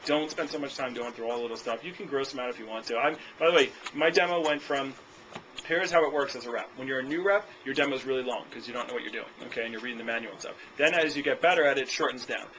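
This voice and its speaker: A young man in a noisy room running a sales training demo, talking fast and energetically and ending his points with "okay?". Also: medium pitch, bright, forceful tone.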